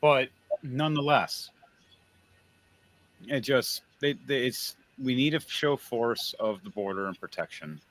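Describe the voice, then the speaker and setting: A man's voice: medium pitch, measured pace, fairly bright tone. Blunt, crude male podcast host. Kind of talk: casual opinionated chat.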